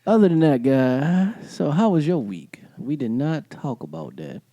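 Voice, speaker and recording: A man's voice: fairly high pitch, very animated, unhurried, warm tone, dry recording. A man co-hosting a casual podcast, playful and teasing, often breaking into laughs. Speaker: podcast co-host. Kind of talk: casual banter.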